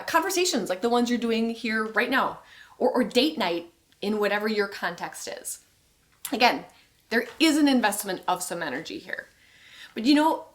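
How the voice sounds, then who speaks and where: A woman co-hosting a marriage course video, speaking conversationally to viewers and laughing easily. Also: mid-range voice. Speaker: co-host of a couples course.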